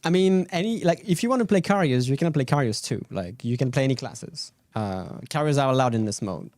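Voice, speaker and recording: A man's voice: mid-range voice, animated, brisk, a little mellow, no echo. Male stream host, casual gameplay commentary, dry close mic, easygoing and rambling. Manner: laid-back, rambling, fillers, answers chat.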